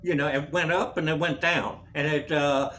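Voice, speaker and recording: A man's voice: fairly high pitch, steady tone, moderate pace, bright, forceful tone, a little hiss or hum. A man telling a profane story in a casual rant, laughing often as he goes. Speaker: vlogger.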